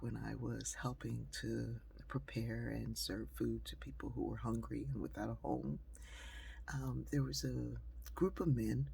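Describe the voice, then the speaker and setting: Husky, raspy woman telling a story. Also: rumbling low, a little mellow. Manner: conversational, with frequent fillers. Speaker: speaker telling a personal story. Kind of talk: storytelling monologue.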